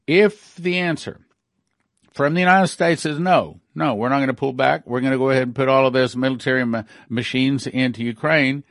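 A man's voice: mid-range voice, moderate pace, no room sound. Emphatic middle-aged man, dry close sound. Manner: emphatic, rereads and repeats points. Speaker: commentator. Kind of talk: prophecy-minded news commentary.

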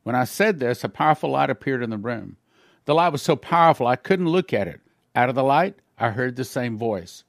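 A man's voice: mid-range voice, lively intonation, a little fast, vocal fry, no echo, studio quality. Earnest man telling a testimony. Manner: acts out dialogue with shifting voices; earnest, plain storytelling with small slips. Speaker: preacher giving testimony. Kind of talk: spoken testimony sermon.

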